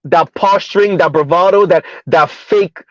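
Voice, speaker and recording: A man giving a heated, emphatic commentary rant on his vlog, repeating his points loudly. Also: high voice, moderate pace, dry recording, highs cut off. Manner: loud, emphatic, repeats points, laughs at times. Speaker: commentary vlogger.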